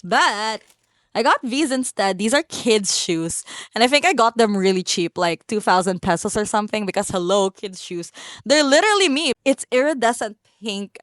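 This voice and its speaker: A woman's voice: medium pitch, a bit bright, no echo, clean studio sound. A young woman with a Filipino accent, a vlogger chatting in a bubbly, gushing way. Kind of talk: casual haul vlog.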